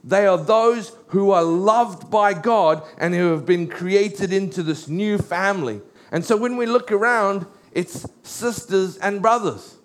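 In this sermon, a high-voiced, middle-aged man tells stories with lively energy, easing his pace when he turns to reading scripture.

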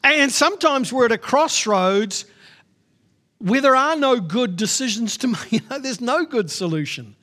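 A man's voice: extremely high pitch, expressive, normal speed, pushed and bright. A male pastor preaching a sermon in an emphatic, conversational way, repeating his points.

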